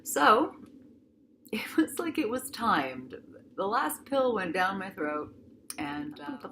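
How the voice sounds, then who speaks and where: A woman vividly recounting a frightening hospital experience, emotional and animated, acting out the people involved. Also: medium pitch, slow pace, a little hiss or hum, low-quality recording. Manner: emotional, animated, acts out voices. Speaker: patient telling her story. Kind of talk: dramatic personal storytelling.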